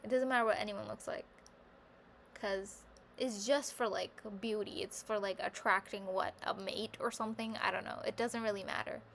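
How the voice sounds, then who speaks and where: A woman talking to camera in a casual vlog monologue, rambling and self-reflective, peppering her speech with "like" and turning animated when she quotes her own thoughts. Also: mid-range voice, normal speed, vocal fry, a little hiss or hum. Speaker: vlogger.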